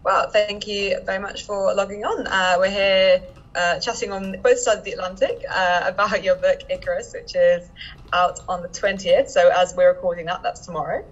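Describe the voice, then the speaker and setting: A woman's voice: mid-range voice, steady tone, normal speed. A woman hosting a podcast, interviewing a guest over a video call in a casual, chatty way with fillers. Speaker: podcast host. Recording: dull, lo-fi call audio with faint noise.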